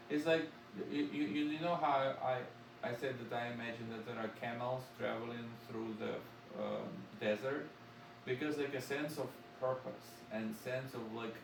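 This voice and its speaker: A man teaching a music lesson, coaching a student and singing melodies on nonsense syllables while he explains, often repeating words as he searches for them. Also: mid-range voice. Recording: echoey room, mic far off, noisy.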